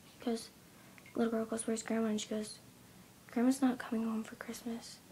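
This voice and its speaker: Teen girl vlogging, soft whispery storytelling, lots of ums, a bit of vocal fry. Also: on the high side, little pitch movement, normal speed, a little hiss or hum. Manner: soft, often whispery retelling with many ums. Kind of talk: casual storytelling vlog.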